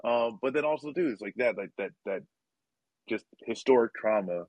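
A man hosting a podcast, talking casually with many pauses, restarts and light laughs. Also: mid-range voice, animated, a little mellow, no room sound. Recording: slightly dull, dry audio.

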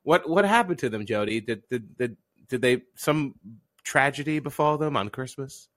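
A man's voice: mid-range voice, moderate pace, fairly bright tone, no room sound, clean studio sound. A man co-hosting a comedy podcast, playing the straight-faced interviewer with stammering questions.

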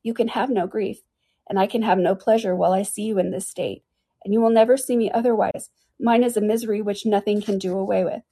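A woman's voice: mid-range voice, fairly even intonation, brisk, dark tone, husky. A woman reading an audiobook and voicing an anguished, heartbroken young woman who pleads in wild outbursts.

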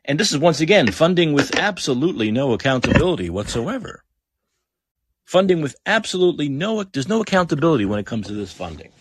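A man's voice: fairly high pitch, big pitch swings, quick pace, husky. A man hosting a podcast, delivering blunt, heated political commentary, swearing freely and repeating phrases for emphasis. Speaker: podcast host.

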